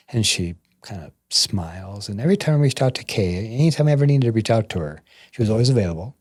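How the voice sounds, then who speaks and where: A man, a massage therapist and energy bodyworker, telling stories as a guest in a casual interview and acting out the quotes with lively jumps in his voice. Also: brisk, husky, no room sound, clean studio sound. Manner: animated, acts out quotes with jumps in pitch.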